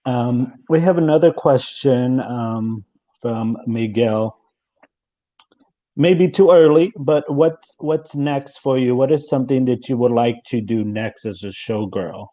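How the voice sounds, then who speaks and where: Mellow-voiced male talk show host. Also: mid-range voice, takes it slowly. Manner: reads chat questions, effusive with praise. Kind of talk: live online talk show.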